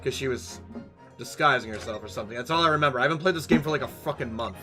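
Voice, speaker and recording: A man's voice: mid-range voice, racing, bright, forceful tone, faint music behind. A young man streaming a video game, rambling and joking playfully as he plays. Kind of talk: casual let's-play commentary.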